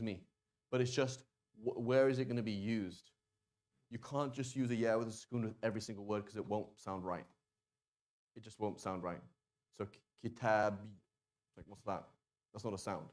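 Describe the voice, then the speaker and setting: A man teaching a language class in a relaxed, chatty way, often stopping to sound out words slowly and restarting sentences. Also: lowish voice. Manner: casual, conversational, with many fillers and restarts. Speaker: Arabic teacher. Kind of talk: classroom lesson.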